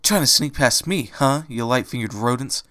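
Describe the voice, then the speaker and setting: A man voicing a paranoid, excitable female pony market vendor in a fan audiobook reading, speaking in a suspicious, shrill way. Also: fairly quick, no room sound, clean studio sound, natural voice.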